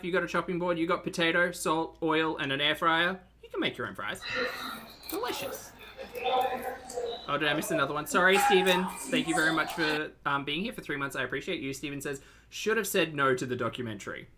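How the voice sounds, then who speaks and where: A woman's voice: low-pitched, fast, few pauses, background noise. A woman streaming live, reacting to videos with sarcastic, teasing commentary and thanking her chat.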